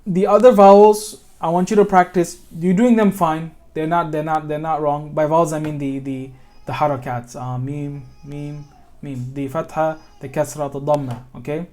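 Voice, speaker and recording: A patient American tajweed tutor with a mid-range, darkish, steady voice gives a one-on-one online lesson. He models Arabic sounds slowly, corrects himself mid-sentence, and checks understanding with a frequent "okay?".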